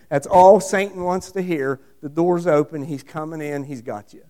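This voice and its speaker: A man's voice: on the high side, normal speed, few pauses, warm tone. A middle-aged man preaching a sermon, emphatic and repetitive, asking the congregation questions. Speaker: pastor.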